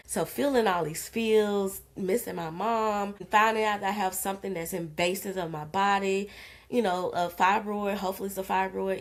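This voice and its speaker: A woman's voice: medium pitch, vocal fry. A woman in her forties, a content creator, telling a personal story in casual, candid talk, swearing freely and calling the listener honey, recorded on a phone in her car. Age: 40s. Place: in her car in a parking lot.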